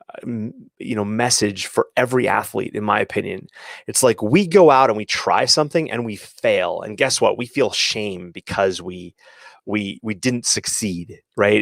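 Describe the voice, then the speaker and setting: A man's voice: fairly low pitch, gravelly, dry recording, clean studio sound. A man hosting a sports coaching show, giving emphatic opinions with many restarts and quoted asides. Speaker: podcast host and athletic coach. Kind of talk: opinionated solo commentary.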